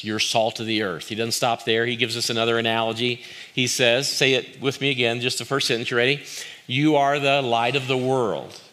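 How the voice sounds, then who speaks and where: A pastor leads a prayer and moves into his sermon. His voice is bright and clear, and his delivery is conversational and earnest. He pauses often with fillers and invites the congregation to join in. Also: mid-range voice.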